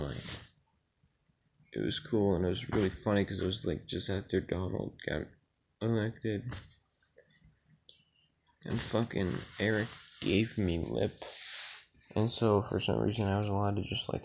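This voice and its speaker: A man's voice: on the low side, unhurried, creaky, pauses often, slight background noise. A tired young man retelling a dream in a casual, rambling, profane way. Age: young adult. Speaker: vlogger.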